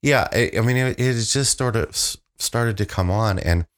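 A man's voice: fairly low pitch, moderate pace. A middle-aged man co-hosting a podcast, recounting a road trip in a hesitant, sheepish way full of fillers. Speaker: podcast co-host. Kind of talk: casual storytelling chat.

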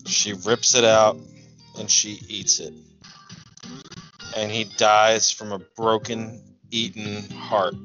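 A man co-hosting a comedy podcast, doing comic bits and deadpan parody trailer narration. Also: on the low side. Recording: dull lo-fi recording with faint music.

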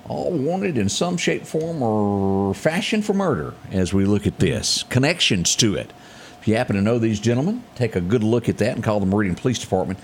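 Man, morning show co-host, animated storyteller, low voice with a wide, lively pitch. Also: a little hiss or hum. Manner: animated, sings snippets of lyrics. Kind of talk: casual morning show chat and local headlines.

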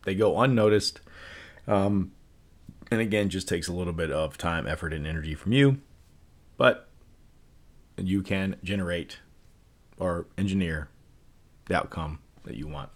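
A man with a very low voice talks through ideas in a relaxed, unscripted podcast monologue. His delivery is loose and conversational, full of fillers and little restarts. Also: unhurried, pauses often. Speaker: podcast host. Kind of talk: casual explanatory podcast monologue.

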